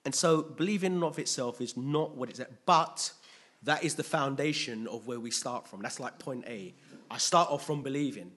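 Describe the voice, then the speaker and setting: Husky male preacher. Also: medium pitch, normal speed, fairly bright tone. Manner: conversational, often checks in with listeners. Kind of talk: conversational sermon.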